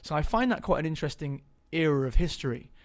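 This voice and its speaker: A young man talking casually as an interview guest, chatty and hesitant, filling pauses with ums. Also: fairly high pitch, lively intonation. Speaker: guest actor.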